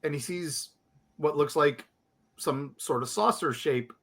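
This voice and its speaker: A man's voice: a little high, unhurried, fairly bright tone. A man co-hosting a podcast, chatting casually and animatedly, acting out other people's reactions as he tells a story.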